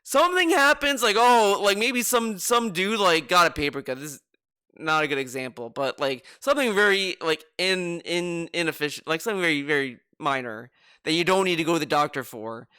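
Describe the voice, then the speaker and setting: A man's voice: on the high side, animated, brisk, pushed and bright, smooth, no echo, studio quality. A man giving mocking reaction commentary on a clip, swearing and breaking into exaggerated impressions. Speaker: commentary streamer.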